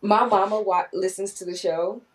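A woman's voice: medium pitch, fairly even intonation, moderate pace, far from the mic, poor audio. A woman co-hosting a casual movie review podcast, talking animatedly and swearing, quoting herself and others. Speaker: podcast co-host.

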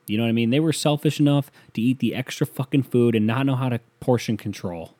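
A man's voice: mid-range voice, fast, warm tone. A man delivering a profane, sarcastic comedic rant as a solo monologue.

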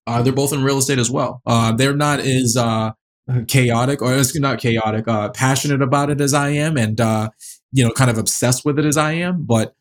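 A man's voice: mid-range voice, steady tone, moderate pace. A man in his thirties from the Boston area, a real estate investor talking as a podcast guest in a casual, hesitant way with many fillers and restarts. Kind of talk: casual interview conversation.

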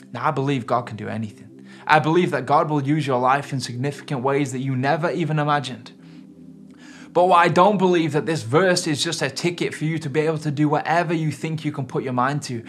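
A man preaches a sermon earnestly and emphatically, his intensity rising and falling. His voice is on the high side and a bit bright, and faint music plays underneath.

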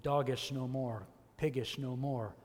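A man preaching a sermon as a church elder, impassioned and emphatic, rising to loud peaks and dropping low. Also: steady tone, measured pace, big-room sound.

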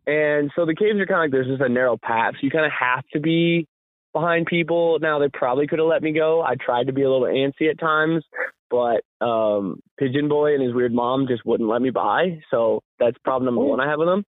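A man co-hosting a podcast, telling a rambling, animated story in casual chat with frequent laughs. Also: medium pitch, brisk, no room sound. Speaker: podcast co-host. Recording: tinny phone-line sound, dry.

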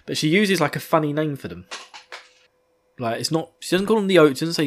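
A man's voice: a little high, very animated, quick pace, long pauses. A man casually recapping a book, joking, laughing often and acting out the characters.

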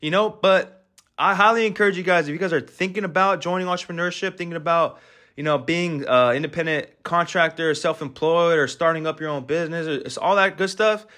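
A man's voice: fairly high pitch, fairly quick, sharp tone. A man in his twenties hosting a podcast, talking in a brash, profane, hyped-up monologue full of fillers. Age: 20s. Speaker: podcast host. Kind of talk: casual motivational monologue.

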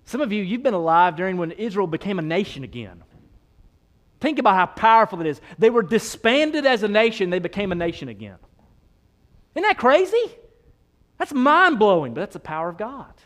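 A male pastor delivering a lively sermon in a fairly high voice. He jokes loudly with the congregation, then drops to a hushed, slower tone when he reads scripture. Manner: animated, swings between loud punchy asides and soft quoted passages.

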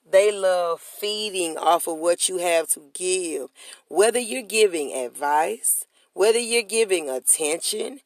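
Gravelly, preachy motivational podcast host. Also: mid-range voice, no echo. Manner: preachy, repetitive call-and-response. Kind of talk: motivational talk.

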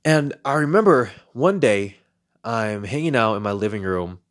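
A man's voice: lowish voice, lively intonation, normal speed, fairly bright tone. A man hosting a solo podcast, talking in an earnest, reflective way and often repeating words as he searches for them. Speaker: podcast host.

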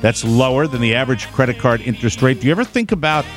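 A man's voice: mid-range voice, expressive, fast talker, faint music behind. A man hosting a talk radio show, bantering jokingly with his co-host and reading ads in a wry, self-deprecating manner. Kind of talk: casual talk radio banter and live ad read.

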